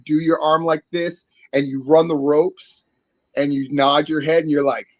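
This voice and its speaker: A man hosting a casual interview podcast, telling stories in an animated, profane way. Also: fairly high pitch, a little slow, dry recording. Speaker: podcast host.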